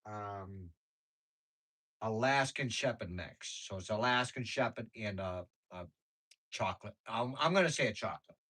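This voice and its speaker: Over poor audio, a man with a lowish voice hosts a livestream, speaking at a measured pace with lively intonation and a pushed, bright tone. He casually rambles through stories for viewers, using slang and laughing a lot.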